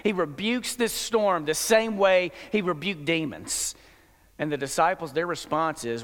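High-voiced man preaching in a reverberant hall. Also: measured pace, a bit bright. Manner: conversational preaching with frequent restarts. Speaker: pastor. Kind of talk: sermon.

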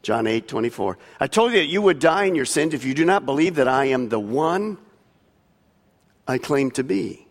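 A man's voice: mid-range voice, animated, moderate pace. A man preaching a sermon as pastor, with emphatic delivery that swells and drops. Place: large church hall. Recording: long hall reverb.

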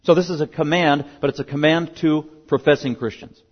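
A fairly high-voiced man preaching from the pulpit, pressing his points with insistent repetition. The recording sounds dull and muffled. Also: steady tone, brisk, husky. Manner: emphatic, repeats key words for stress. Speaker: pastor. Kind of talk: sermon.

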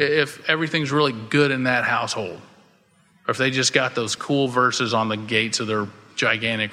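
A man's voice: medium pitch, sharp tone. A man preaching a casual, storytelling sermon as a pastor, acting out the voices in his stories. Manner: casual, folksy, acts out quoted voices. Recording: long hall reverb.

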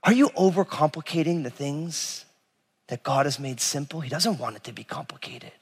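A man preaching a sermon as a pastor, animated and conversational, acting out the people in the story with casual asides. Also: fairly high pitch, normal speed, slightly rough, in a large hall. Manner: animated, acts out biblical figures with casual asides.

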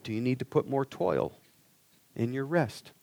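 A man's voice: medium pitch, measured pace, gravelly, mellow, no echo. A male preacher giving an earnest sermon, pressing the listeners with rhetorical questions.

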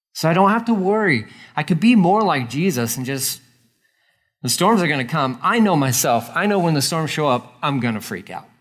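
Forties guy preaching, chatty sermon style, slightly high voice, pitch all over the place. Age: 40s. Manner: animated, conversational preaching with acted-out quotes. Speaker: pastor.

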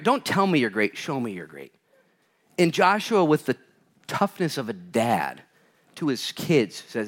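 Brief: male pastor, sermon delivery, very lively pitch, loud then hushed. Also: a little fast. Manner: animated, swings from loud to hushed; reads scripture aloud.

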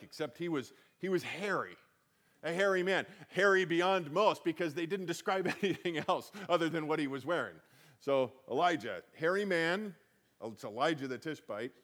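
A man's voice: a little high, a bit bright. A man giving a conversational Bible teaching, reading scripture aloud and then explaining it with chatty emphasis.

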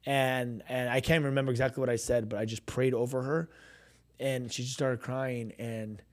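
A man co-hosting a radio show, telling a personal ministry story in casual chat, animated and full of restarts, acting out quoted voices. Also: mid-range voice, normal speed.

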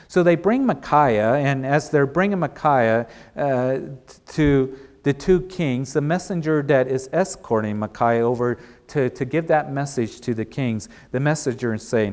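Male pastor preaching, mid pitch voice, retells stories, repeats lines for emphasis. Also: animated, moderate pace, darkish tone. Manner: storytelling with repeated emphatic phrases. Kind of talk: sermon.

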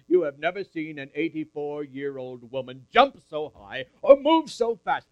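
A man's voice: fairly high pitch, lively intonation, normal speed, few pauses, dry recording. A man at a camp meeting, telling a Bible story in character in the first person and calling up audience volunteers. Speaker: camp speaker.

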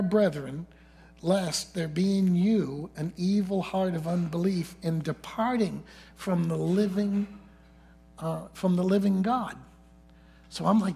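A man preaching with a fairly high, gravelly, husky voice. He tells a confessional story from the pulpit and often sinks to a hushed, near-whispered delivery. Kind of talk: sermon.

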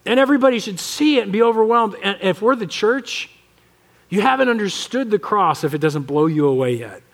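Animated American pastor, high voice. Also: male voice, brisk. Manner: conversational, animated, acts out quoted voices. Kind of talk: sermon. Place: church sanctuary.

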